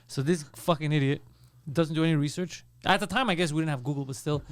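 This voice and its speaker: Fast-talking high-voiced man telling stories. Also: clear, resonant tone, no room sound. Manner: rambling, animated, acts out voices in stories. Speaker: podcast co-host. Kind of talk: casual storytelling chat.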